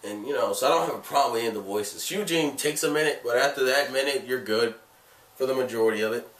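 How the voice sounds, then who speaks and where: A man's voice: mid-range voice, fast, a bit bright, recorded from a distance. A man with a cold reviewing anime casually, rambling with lots of fillers and restarts. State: has a cold, coughing. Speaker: anime vlogger. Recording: echoey room, away from the mic.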